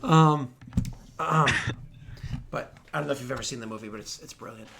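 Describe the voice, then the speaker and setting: A man in his thirties running a tabletop game, chatting and narrating in a rambling, animated way with many fillers. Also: mid-range voice, very fast, gravelly, background noise. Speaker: game master. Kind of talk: casual game narration and chat.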